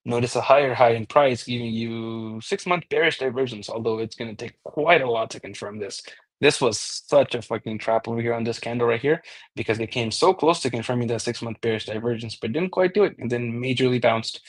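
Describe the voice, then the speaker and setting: Speaking fairly quickly in a mid-range voice, a man gives a relaxed crypto chart analysis as a trading analyst. He talks loosely, often restarting sentences and occasionally swearing.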